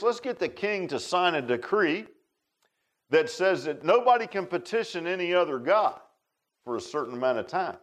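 A man preaching a sermon in a folksy storytelling way, swinging between loud exclaims and low asides.

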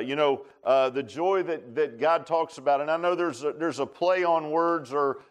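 A man preaching a conversational sermon as pastor, with many fillers and repeated words. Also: fairly high pitch.

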